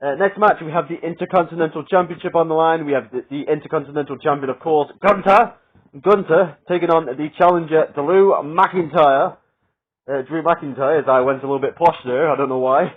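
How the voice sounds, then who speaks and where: A man with a slightly high voice talks through his picks in a loose, rambling way. He leans on fillers and laughs at his own jokes. The sound is thin and boxed in, like a phone line. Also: steady tone, fast, few pauses, breathy edge. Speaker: wrestling predictions vlogger. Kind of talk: casual solo predictions commentary.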